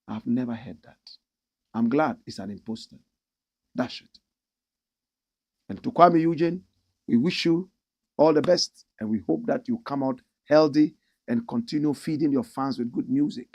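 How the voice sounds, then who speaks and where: A middle-aged Ghanaian man hosting an animated opinion commentary, impassioned and mimicking the people he talks about. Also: medium pitch, moderate pace. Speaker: commentary show host.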